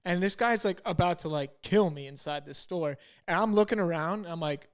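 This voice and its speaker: A young man co-hosting a podcast tells a story in casual chat, animatedly acting out the dialogue by quoting himself and others. His voice is fairly high, at a moderate pace with few pauses.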